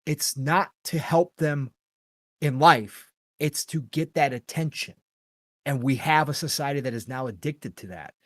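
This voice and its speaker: This gaming podcast host is a middle-aged man whose voice sits on the high side, a bit bright and a little slow, with no echo. His talk is earnest and opinionated, wandering as he goes and peppered with casual swearing.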